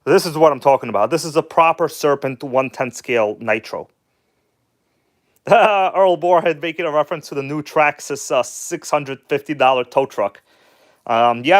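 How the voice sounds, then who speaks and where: A man rambles casually through a live stream, speaking to his viewers in an enthusiastic, blunt way with casual swearing. His voice sits at an ordinary middle pitch. The sound is dry and close, with no room echo. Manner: rambling, chatty, addresses viewers as guys.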